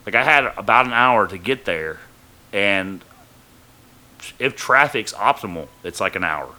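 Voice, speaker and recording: A man's voice: fairly low pitch, animated, a little slow, pushed and bright. A man casually telling a rambling, profane story from his own life on a podcast, full of fillers.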